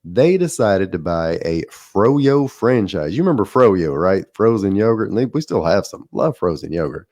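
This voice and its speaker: A man's voice: low-pitched, sing-song, normal speed, few pauses, a little mellow, no echo, studio quality. A man in his forties hosting a solo podcast, telling business stories in a conversational way with self-deprecating asides. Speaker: podcast host.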